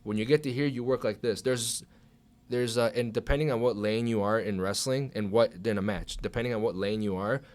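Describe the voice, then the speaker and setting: Young man, podcast guest, casual chat, swears a lot, acts out his thoughts, animated storyteller. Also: on the low side, fairly quick. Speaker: podcast guest, pro wrestler.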